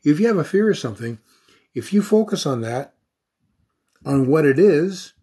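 A man's voice: a little high, lively intonation, moderate pace, warm tone, breathy edge. A man giving an earnest motivational talk who repeats affirmations and phrases over and over for emphasis. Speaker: motivational speaker.

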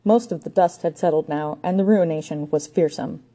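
Woman reading an audiobook, low mellow voice, dry and steady. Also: moderate pace. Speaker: narrator. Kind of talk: audiobook narration.

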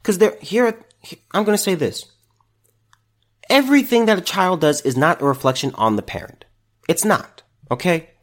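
A man's voice: high-pitched, animated, moderate pace, pauses often. A man hosting a solo opinion podcast, ranting in exasperation and restarting his sentences. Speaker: podcast host.

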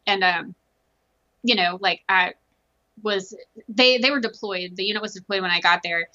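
Bright-voiced woman, casual swearing. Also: mid-range voice, moderate pace, highs cut off. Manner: relaxed, swears freely, uses fillers. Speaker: army veteran guest. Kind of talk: casual chat.

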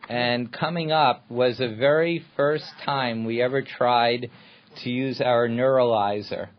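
A man's voice: medium pitch, unhurried, highs cut off. A man, a film director, telling stories from the shoot and explaining how the shots were made on a commentary track. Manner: explanatory, storytelling, talks through the shots. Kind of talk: anecdotal commentary.

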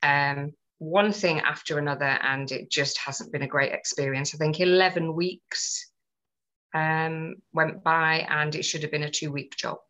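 A woman's voice: deep voice, steady tone, unhurried, sharp tone, rough recording. A woman on a podcast, telling a personal story in earnest, detailed casual chat. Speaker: podcast co-host.

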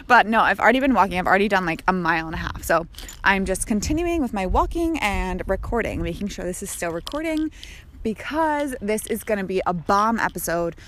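A woman's voice: medium pitch, expressive, fairly quick, fairly bright tone. A young woman hosts her podcast while walking laps outdoors, a little out of breath. She talks to her listeners directly in a chatty, upbeat way. She records it all on her phone. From Connecticut. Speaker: podcast host. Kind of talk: casual podcast talk.

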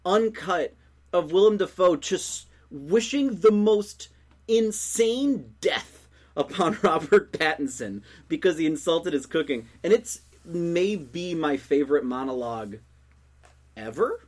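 Young male co-host, lively pitch, slow rambling delivery full of "like" fillers. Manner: rambling, filler-heavy storytelling. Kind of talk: casual chat.

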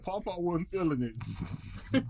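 A man's voice: a little high, big pitch swings, takes it slowly, creaky, a little mellow, husky. A man telling a story in a casual podcast chat, crude and laughing. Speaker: podcast co-host.

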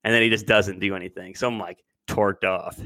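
Twenties dude telling a long rambling story, low voice, dead dry mic. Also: male voice, fairly even intonation, a little fast, pushed and bright, no echo. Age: 20s. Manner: rambling storyteller, loose and conversational. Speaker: podcast co-host. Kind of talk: casual chat.

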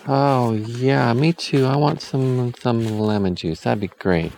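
A man's voice: medium pitch, slow pace, gravelly, a little mellow, a little hiss or hum, pitched above the performer's own voice. A man voicing a nervous young boy who worries and stammers as he talks. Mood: eager. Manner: anxious, hesitant, stammering.

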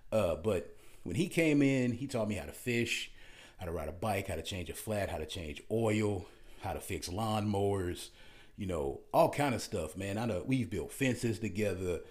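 A man's voice: lowish voice, lively intonation, moderate pace, darkish tone. A man talking straight to his audience in a casual, ranting monologue, blunt and emphatic, repeating words as he gets worked up.

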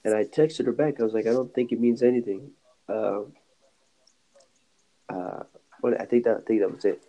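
A man's voice: lowish voice, normal speed, warm tone, rough recording. A young man co-hosting a podcast, telling a rambling story full of fillers and restarts. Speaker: podcast co-host. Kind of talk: casual podcast chat. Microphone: podcast mic.

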